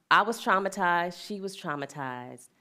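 Earnest low-voiced middle-aged woman. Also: pushed and bright. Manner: earnest, plain-spoken, laughs easily. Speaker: wellness and equity speaker. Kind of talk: reflective talk with a personal story.

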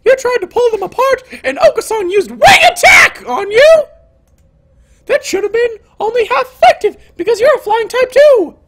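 A man voicing a panicked young male pigeon student, reading game lines in a high, shouting, frantic voice. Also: animated, normal speed.

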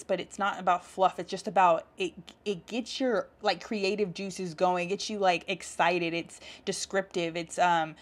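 A woman with a somewhat low voice talks casually through uplifting affirmations. She laughs easily and keeps an encouraging, chatty tone. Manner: warm encouraging, laughs often, speaks affirmations aloud. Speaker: self-help vlogger.

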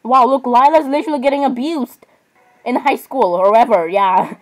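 Teen girl reaction vlogger, high bright voice, excitable and exclamatory, casual commentary. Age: teens. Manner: excitable, exclamatory, quick shifts between giggly outbursts and mumbled asides.

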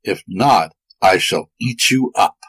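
A gloating old witch woman, greedy and menacing, put on by a male storyteller. Her low voice has a husky edge and bends up and down with sly threats. It is recorded dry and close. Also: lively intonation, slow, fairly bright tone, dry recording, exaggerated voice.

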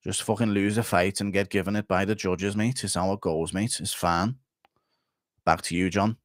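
A brash young male fighter mutters his take, low and quiet, as a man does the voice. He tacks "mate" and "lads" onto every line. The voice sits low and soft. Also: fairly even intonation, normal speed, no echo, clean studio sound, close to an everyday voice. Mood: dismissive. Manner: mumbled, dropping "mate" and "lads".

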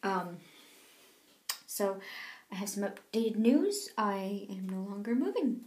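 A woman chatting casually and rambling in a late-night vlog from a dark room at home, laughing now and then. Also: mid-range voice, expressive, takes it slowly. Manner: laid-back, rambling, laughs often. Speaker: vlogger. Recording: roomy home room, faint noise.

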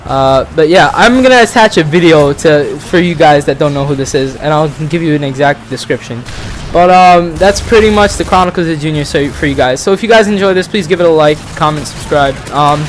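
A man's voice: fairly high pitch, brisk, hardly any pauses, slight background noise. A young man from the Bronx telling a story casually, rambling and profane, full of fillers and restarts. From the Bronx, New York. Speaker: vlogger, channel host.

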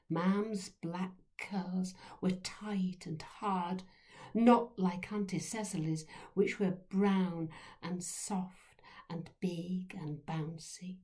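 A woman reading her own countryside memoir aloud in a gentle storytelling manner. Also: medium pitch. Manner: gentle, slow, lively storytelling. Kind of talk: storytelling narration.

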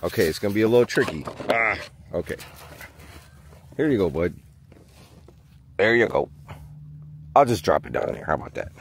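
A man vlogging casually outdoors on his small farm, chatting to the camera and talking to his animals in a high coaxing voice. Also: expressive, normal speed, long pauses, slight background noise. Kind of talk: casual vlog chat.

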